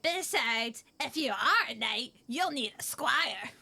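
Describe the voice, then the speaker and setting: A woman voicing a scrappy, sly male redcap goblin who haggles and bosses, in an animated story. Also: a little high, slow, vocal fry, heavily acted. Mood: scheming.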